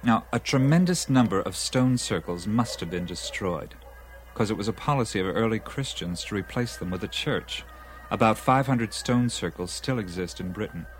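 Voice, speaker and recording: An enthusiastic man lecturing over dinner, as an actor plays him, his voice sitting a bit low. He builds his points eagerly and keeps talking through mouthfuls. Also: animated, moderate pace, slight background noise, natural voice, rough recording. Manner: eager lecturing, talks while eating. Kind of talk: film dialogue.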